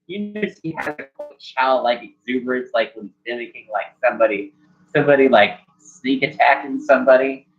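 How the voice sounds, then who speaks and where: A man's voice: medium pitch, animated, a little fast. A man narrating a tabletop game as game master, rambling and full of "like" fillers. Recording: dull lo-fi sound, faint music.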